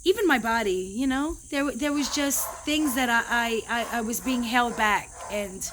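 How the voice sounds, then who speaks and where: Woman, 30s, high voice, emotional vlogger, earnest and rambling with restarts. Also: unhurried, a bit bright, slight background noise. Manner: heartfelt, rambling, with many restarts. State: emotional, near tears. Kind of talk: emotional personal vlog.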